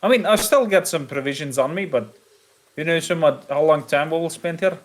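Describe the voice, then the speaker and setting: Higher-voiced man, halting tabletop player. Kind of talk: casual chat in a tabletop game.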